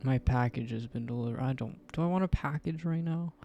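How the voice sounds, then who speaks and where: A man's voice: medium pitch, fairly quick, gravelly, warm tone, lo-fi sound, soft background music. A man giving casual let's-play commentary, thinking aloud, rambling and self-deprecating, often laughing at himself. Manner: thinks aloud while playing. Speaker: gameplay streamer.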